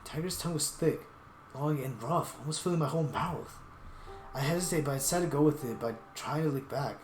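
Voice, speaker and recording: A man's voice: mid-range voice, natural voice. A man reading the part of a flustered young man in a visual novel, hesitant and self-conscious. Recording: roomy echo with guitar music.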